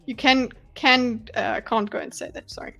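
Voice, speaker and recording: A woman live-streams her breakdown of a debate, talking bluntly and animatedly and swearing freely. Her voice sits high. Faint music plays quietly underneath. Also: fairly even intonation, moderate pace, creaky. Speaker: livestream host analysing a debate. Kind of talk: live reaction commentary.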